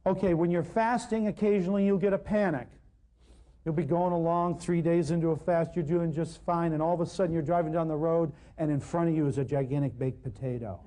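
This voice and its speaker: A man with a high but mellow voice gives a live seminar talk on natural healing. He is animated and joking, slipping into little acted dialogues with his patients. He drives his points home by repeating them. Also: a little fast. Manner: emphatic, repeats points for effect.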